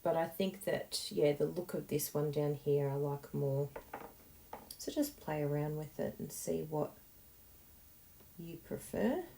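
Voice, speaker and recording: A woman's voice: low voice, animated, a little slow, creaky, pauses often, warm tone, slight background noise. A woman hosting a card-making tutorial, chatting encouragingly and thinking aloud as she works. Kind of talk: casual tutorial talk while crafting.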